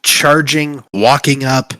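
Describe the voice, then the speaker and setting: A man's voice: mid-range voice, fairly even intonation, takes it slowly, bright, forceful tone, no echo. A man narrating as dungeon master for a tabletop game, rambling and playful as he describes the scene. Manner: loose, rambling narration with playful quoted voices.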